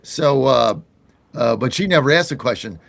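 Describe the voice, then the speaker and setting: A man's voice: mid-range voice, animated, normal speed, gravelly, dry recording. An American man hosting a political talk show, chatting casually and indignantly, often laughing.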